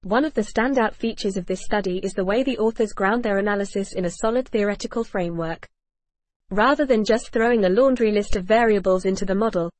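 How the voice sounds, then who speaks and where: A woman's voice: mid-range voice, darkish tone, dry recording. A woman co-hosting a scripted podcast discussion, with a polished, upbeat synthetic delivery. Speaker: podcast co-host.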